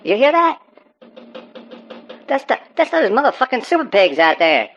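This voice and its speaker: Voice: mid-range voice, big pitch swings, moderate pace, a bit bright, soft background music. A performer playing a paranoid rural farmer who rambles and stammers through profane rants about super pigs. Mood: ranting. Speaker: interviewee on a call-in show. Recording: dull, muffled audio.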